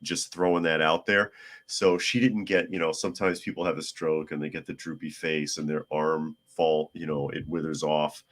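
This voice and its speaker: A hoarse man hosting a casual news talk podcast, chatty with wry asides. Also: rumbling low, flat delivery, moderate pace, a bit bright. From United States. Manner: chatty, wry asides, talks to his cat. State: hoarse from a cold. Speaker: podcast host.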